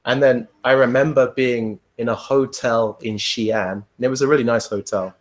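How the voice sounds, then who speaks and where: A man's voice: mid-range voice, steady tone, normal speed. A man in casual podcast chat, telling a long rambling story, swearing freely and laughing often. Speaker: podcast guest.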